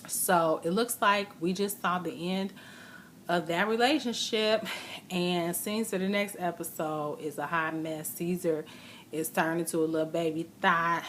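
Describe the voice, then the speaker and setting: A woman's voice: on the low side, fairly even intonation, a little slow, a bit bright, slight background noise. A woman vlogger recapping a reality show episode in casual chat, retelling scenes by acting out what people said. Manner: chatty, retells scenes with quoted voices.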